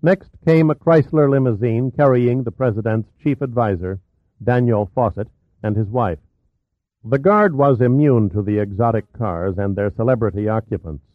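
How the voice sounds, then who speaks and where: A man narrating a thriller audiobook in an even, measured storytelling manner. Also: mid-range voice, dry recording. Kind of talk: scripted narration. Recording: tinny phone-like, dry.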